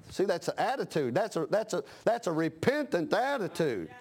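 A middle-aged preacher delivers a homespun sermon in a notably high voice, punctuating his points with amens. He slips into the voices of the people he describes and hammers each point with plain country talk. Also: very animated, normal speed, few pauses, slight background noise. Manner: folksy preaching with frequent amens, acts out voices. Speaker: pastor.

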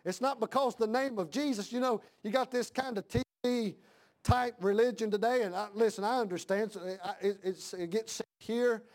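A middle-aged male pastor preaching a fiery sermon in a church, repeating his lines and rising to shouted emphasis. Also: high voice, normal speed.

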